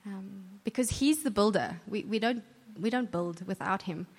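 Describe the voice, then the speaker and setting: A woman's voice: medium pitch, normal speed. A woman giving an earnest, conversational church talk, often restarting her sentences. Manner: earnest, warm conversational preaching with self-corrections. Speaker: church speaker. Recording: long hall reverb.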